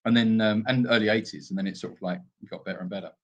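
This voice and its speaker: A man's voice: fairly low pitch, steady tone, quick pace, lo-fi sound. A British man co-hosting a casual live Q&A from an animal sanctuary, rambling with plenty of fillers and restarts. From Britain. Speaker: sanctuary co-host.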